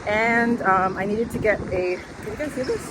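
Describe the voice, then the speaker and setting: A woman's voice: medium pitch, moderate pace, very noisy. A woman in her twenties from Canada, chatting casually to her camera in a rambling vlog, full of "like" and "um", outdoors on a walk and then at home. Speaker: vlogger.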